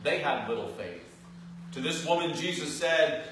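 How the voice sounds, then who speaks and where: A male pastor preaching a sermon in a church, earnest, rising into loud emphatic phrases and dropping to soft asides. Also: on the high side, animated, moderate pace. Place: church sanctuary. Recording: distant, very echoey church hall recording with faint noise.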